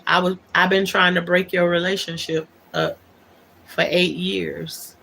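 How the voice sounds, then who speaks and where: A woman hosting a livestream speaks on the low side with a level tone, a measured pace, vocal fry and a fairly bright quality, over slight background noise. Her unscripted monologue is aggrieved and emphatic, and she repeats her key words.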